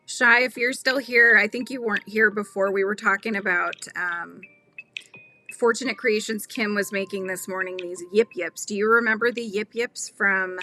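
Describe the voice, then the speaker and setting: A woman's voice: mid-range voice, steady tone, normal speed, pushed and bright, slight background noise. A woman in her thirties chatting casually with her live chat while she crochets at home, laughing often. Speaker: crochet channel host.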